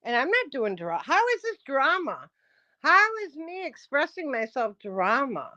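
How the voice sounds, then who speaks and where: A woman's voice: sits high, very animated, a little slow, pushed and bright, dry recording, lo-fi sound. A woman livestreaming in a casual rant, combative and profane, answering her chat.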